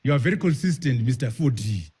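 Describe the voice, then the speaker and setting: A man's voice: mid-range voice, lively intonation, fast talker, mellow, breathy edge. A man giving an emphatic public speech, repeating key phrases and putting rhetorical questions to his audience. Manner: repeats key phrases, stretches words for stress. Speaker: speaker at a public forum.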